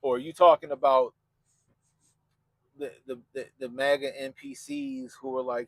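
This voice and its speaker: A man's voice: medium pitch, steady tone, normal speed, creaky, a bit bright, no echo, poor audio. A man hosting a podcast, talking casually and profanely, mocking people and quoting them in put-on voices. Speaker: podcast host. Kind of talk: casual commentary chat.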